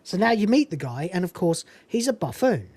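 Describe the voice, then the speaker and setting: Give me a woman host with a fairly low voice, casual and sweary, laughing as she talks. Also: sing-song, fairly quick, a little mellow, no echo. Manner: sweary, enthusiastic, laughs often. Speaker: podcast host reviewing a film. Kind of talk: casual chat.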